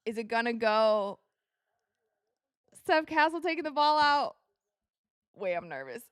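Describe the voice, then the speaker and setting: A young woman hosting a live basketball watch party, calling plays excitedly and talking to her viewers. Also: sits high, moderate pace, no room sound, studio quality. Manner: excitable, reacts loudly to plays, talks to viewers as you guys. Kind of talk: live game commentary to chat.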